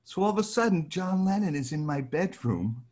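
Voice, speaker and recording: An older man from New Jersey telling a lively anecdote, acting out the voices of the people in it. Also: on the high side, normal speed. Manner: lively, acts out voices in his story. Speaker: storyteller guest.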